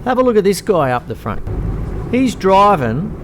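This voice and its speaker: A man's voice: high-pitched, very animated, moderate pace, a little hiss or hum. A man hosting a comic sketch, chatting in a blokey, slangy, joking way. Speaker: host.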